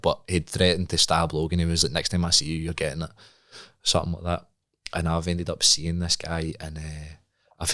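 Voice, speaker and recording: A young Scottish man, a podcast co-host, telling a story in casual chat and acting out the voices of the people in it. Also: deep voice. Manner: animated, laughing, acts out voices in his stories.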